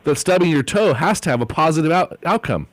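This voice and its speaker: A man's voice: fairly high pitch, lively intonation, brisk, no echo. A man hosting a radio talk show, asking questions and summing up what his guest says in his own words. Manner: encouraging, sums up the guest's points.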